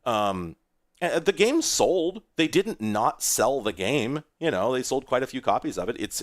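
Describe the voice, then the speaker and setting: A man streaming live, rambling and sarcastic, who swears and laughs at his own troubles. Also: lowish voice. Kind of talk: casual livestream commentary.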